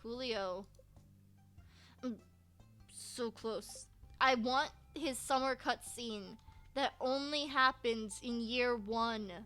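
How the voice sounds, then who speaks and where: High-voiced woman chatting over gameplay. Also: slow, long pauses, pushed and bright, soft background music. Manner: chatty, repeats herself, voices game characters playfully. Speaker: game streamer. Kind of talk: casual gameplay commentary.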